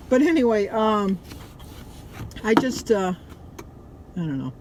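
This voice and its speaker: A woman's voice: medium pitch, sing-song, slow pace, long pauses, poor audio. Older lady in her 60s rambling from her car, heartfelt, traffic noise behind. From United States. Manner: rambling, heartfelt, tearful at times. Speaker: vlogger. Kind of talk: emotional casual vlog. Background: traffic and outdoor noise.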